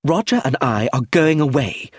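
A curt, defensive woman read by a male narrator with a slightly raised pitch and impatient, clipped lines. The husky voice stays close in a dry recording. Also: sing-song, fairly quick, darkish tone, dry recording.

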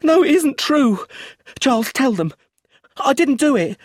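A man's voice: very high voice, sing-song, a little slow, no echo, studio quality, voice pushed up, full character voice. A man reading an audiobook, voicing a terrified young woman who screams as she is arrested. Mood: hysterical. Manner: screaming, sobbing pleas.

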